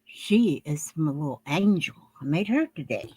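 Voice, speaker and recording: An older woman chats casually about her crafts in a rambling, homey way, with a lowish voice. She keeps correcting herself and adds plenty of fillers. The sound is dry and close, with no room echo. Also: very animated, moderate pace, darkish tone, breathy edge. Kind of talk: casual chat to camera. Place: her craft area at home, indoors.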